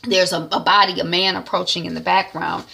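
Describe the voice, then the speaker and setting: Woman, chatty episode recap, gravelly fry, bright tone. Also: fairly low pitch, brisk. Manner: chatty, animated storytelling. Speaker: TV series reviewer.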